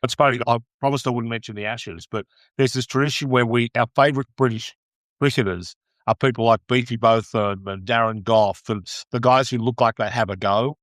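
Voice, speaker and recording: A man's voice: medium pitch, fairly even intonation, fairly quick, a bit bright, no room sound, clean studio sound. An outspoken man, a lobbyist, giving blunt opinions in a podcast interview. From Australia. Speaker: guest, lobbyist.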